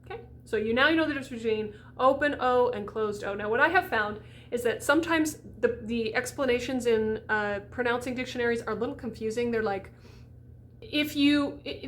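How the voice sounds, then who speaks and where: A woman coaching singers on diction in an animated, chatty way, stopping to demonstrate each sound. Her voice sits fairly high. A faint hiss runs under the recording. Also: brisk.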